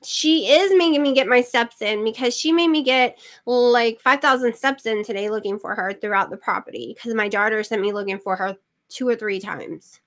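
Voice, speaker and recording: Middle-aged woman host, loose rambling livestream chatter, bright and forward tone. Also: a little high, normal speed. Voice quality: chatty, rambling with many fillers. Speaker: channel host. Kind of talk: casual livestream chat.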